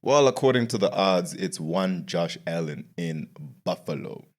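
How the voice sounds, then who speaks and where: Guy with a lowish voice doing sports podcast talk, rants, keeps repeating his complaints. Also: animated, unhurried. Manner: ranting, repetitive complaining with slangy asides.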